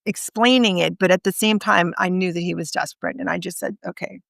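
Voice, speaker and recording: Woman guest telling a story on a podcast, kinda gravelly, dry close sound, really earnest. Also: on the low side, fairly even intonation, fairly bright tone, no room sound. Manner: earnest, emphatic storyteller with pauses. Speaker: guest author and speaker.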